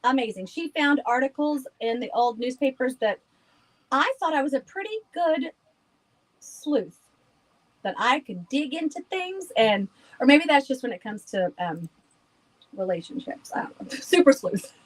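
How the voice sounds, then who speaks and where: A woman's voice: high-pitched, expressive, unhurried, low-quality recording. A woman guest on a podcast, chatting casually and rambling with frequent laughs. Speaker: guest, haunted house owner.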